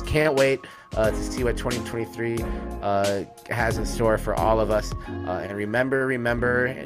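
Swearing, rambling man hosting a sports podcast. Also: mid-range voice. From United States. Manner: rambling, joking, swears freely, many fillers. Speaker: podcast host. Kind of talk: casual sign-off of a sports fan podcast.

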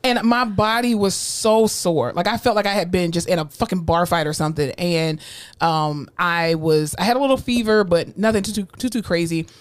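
A woman's voice: fairly low pitch, normal speed. A woman co-hosting a casual podcast, telling her stories expressively, with swearing and exaggeration. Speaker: podcast co-host. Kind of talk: casual chat.

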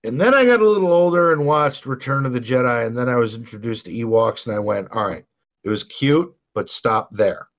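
A man's voice: mid-range voice, lively intonation, a little fast, highs cut off. An older man co-hosting a podcast, ranting in a profane, exasperated way. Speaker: podcast co-host. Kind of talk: casual podcast rant.

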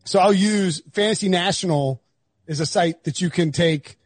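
A North Carolina man hosts a casual sports podcast, chatty, rambling, and self-deprecating, with many restarts. His voice sits high at a moderate pace, with no room sound.

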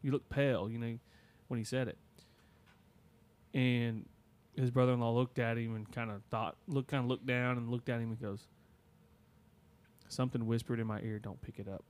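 A man's voice: medium pitch, little pitch movement, moderate pace, pauses often. Rambling man telling a spooky story. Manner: rambling, many fillers and restarts. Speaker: podcast co-host. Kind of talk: casual storytelling.

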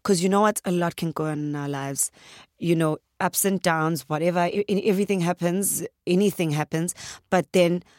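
A woman from South Africa with a Zulu accent, an actress talking lively in a radio studio interview with frequent ums. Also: fairly low pitch, moderate pace, no echo. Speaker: actress, guest. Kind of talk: conversational interview.

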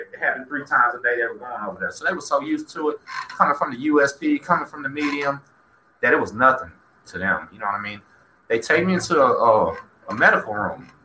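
Bright-voiced Texas man telling stories. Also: mid-range voice. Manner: animated, acts out quoted dialogue, talks to chat. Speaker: host. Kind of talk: casual storytelling livestream. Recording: echoey room with faint noise.

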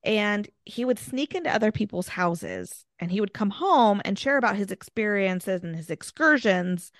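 A woman co-hosting a podcast, telling a strange story in a casual, animated way with lots of fillers. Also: mid-range voice, moderate pace, no echo, studio quality. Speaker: podcast co-host.

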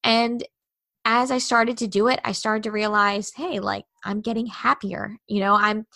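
A woman's voice: mid-range voice, steady tone, a little slow, pushed and bright, no room sound. A woman in her thirties, a podcast guest, telling a personal story in a candid, earnest way and acting out the conversations she remembers.

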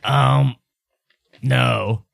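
A man doing a gravelly old doting husband. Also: mid-range voice, steady tone, extremely slow, dry recording, heavily acted. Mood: sheepish. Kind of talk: tabletop role-play voicing.

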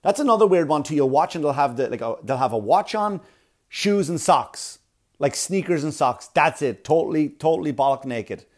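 A man's voice: on the high side, animated, moderate pace. Rambling man doing stand-up. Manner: rambling, filler-heavy delivery with sudden breathy put-on voices. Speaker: stand-up comedian. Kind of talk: stand-up comedy routine.

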